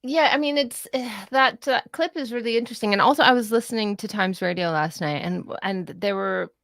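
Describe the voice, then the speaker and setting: A woman's voice: medium pitch, fairly quick, creaky, a bit bright, no echo, clean studio sound. A woman from Canada, chatting animatedly in a casual political discussion, laughing often and mimicking the people she talks about. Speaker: political commentator.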